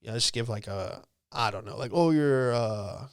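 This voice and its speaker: Young male podcast host, smooth clear voice, dry close mic, swears and rambles. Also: mid-range voice, normal speed, no room sound. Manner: profane, rambling, lots of "bro" and "dude". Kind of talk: casual storytelling monologue.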